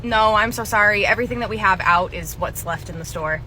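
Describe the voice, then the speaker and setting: A woman's voice: medium pitch, brisk, few pauses, noisy background. A woman telling a comedic retail story and acting out the clerk, sarcastic and casual. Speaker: storyteller, former retail worker.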